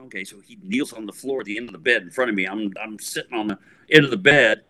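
Animated, bright-voiced older man telling a story. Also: mid-range voice, fast. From San Francisco Bay Area, USA. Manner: animated, acts out voices, lots of fillers. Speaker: guest, rock guitarist. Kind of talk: casual storytelling interview.

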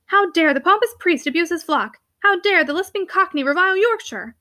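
A woman's voice: extremely high pitch, lively intonation, fairly quick, sharp tone, pitched above the performer's own voice, heavily acted. A woman reading the part of a spirited young heiress who answers with cutting, emphatic scorn.

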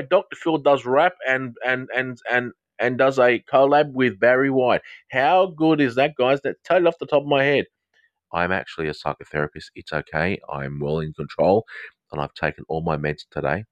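A man's voice: lowish voice, animated, normal speed, dry recording. Jokey mature man with an English-Australian accent. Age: middle-aged. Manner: playful, rambling, jokey asides. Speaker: psychotherapist. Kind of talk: live social media chat with viewers.

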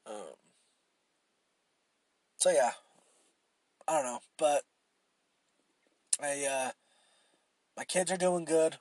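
A man's voice: on the high side, very slow, long pauses, darkish tone, husky, no room sound. A young man hosting a solo podcast, rambling casually with lots of swearing and filler words. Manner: rambling and profane, with frequent fillers and restarts. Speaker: podcast host.

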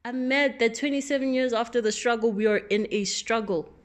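A South African woman delivers a brisk, impassioned spoken-word monologue that's fiery and full of profanity. She swings between loud outbursts and quiet, bitter confession.

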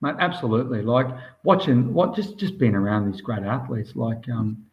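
A man's voice: mid-range voice, moderate pace, highs cut off. An Australian man, a swimmer being interviewed, chatting casually and enthusiastically in long rambling stretches. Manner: enthusiastic, rambling, says "mate" constantly.

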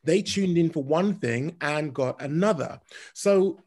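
A man co-hosting a casual podcast, explaining his view in a measured, reasoned way. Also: fairly high pitch, a little mellow. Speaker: podcast co-host.

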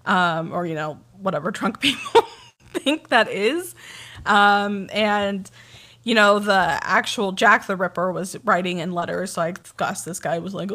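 Bright chatty woman doing a true crime podcast, giggly, lots of ums. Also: mid-range voice, measured pace. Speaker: podcast co-host. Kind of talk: casual true-crime chat.

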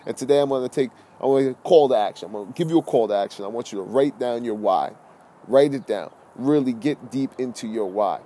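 A health and fitness coach gives a blunt, slang-heavy motivational talk on a podcast, repeating key phrases and swinging between loud bursts and calm, low delivery. He speaks a little fast, with a slight hiss or hum on the recording.

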